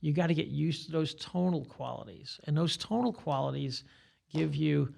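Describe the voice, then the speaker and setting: A man's voice: fairly high pitch, normal speed, gravelly, a little mellow. An older man who teaches guitar, giving rambling, teacherly explanations as a guest in a casual podcast interview.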